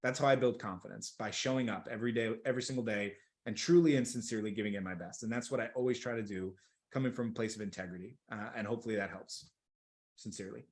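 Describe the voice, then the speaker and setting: A young man coaching sales in a webinar, energetic and emphatic, repeating words for stress. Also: fairly low pitch, fast talker. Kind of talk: webinar teaching. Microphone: video call.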